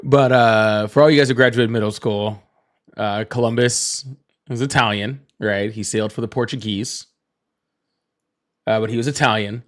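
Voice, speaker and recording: The man running this casual livestream has a lowish voice with fairly even intonation and speaks at a normal speed. He meanders with frequent fillers and restarts, names chat viewers as he greets them, and swears in passing.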